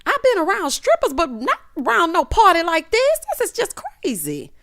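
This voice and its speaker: A woman imitating an indignant older mother who gripes in a shrill, outraged voice. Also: huge pitch swings, moderate pace, fairly bright tone, exaggerated voice. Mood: scolding.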